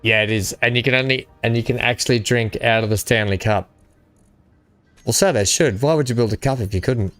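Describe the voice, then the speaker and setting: An Australian man with a smooth, resonant voice at a middling pitch chats away casually while playing a game, rambling from one thought to the next. He sounds upbeat and enthusiastic. Faint game music plays underneath. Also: a little fast, a bit bright. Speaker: gaming channel host. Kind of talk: casual gameplay chat.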